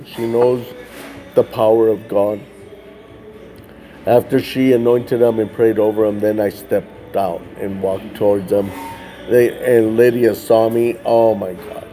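A man telling a story casually, lively and full of "like" fillers, with soft music faintly behind him. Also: on the low side, measured pace. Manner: animated, acts out the children's voices, frequent "like" fillers. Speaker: ministry worker telling a story.

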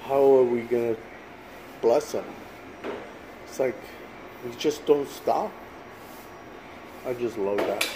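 A man's voice: medium pitch, takes it slowly, long pauses, noisy background. A man in his sixties telling a faith testimony in a casual, plain-spoken way, often tagging his sentences with "man" and "like". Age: 60s. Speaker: guest sharing a ministry testimony.

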